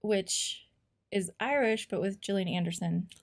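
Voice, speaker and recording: A woman's voice: medium pitch, a little slow. Giggly woman, casual chat. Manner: giggly, dry understatement. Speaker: guest, host's wife.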